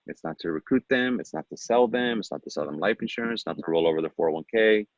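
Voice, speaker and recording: Low-voiced man coaching sales. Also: quick pace, few pauses, no echo, dull audio. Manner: coaching, asks rhetorical questions, role-plays pitches. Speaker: sales trainer. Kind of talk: training presentation.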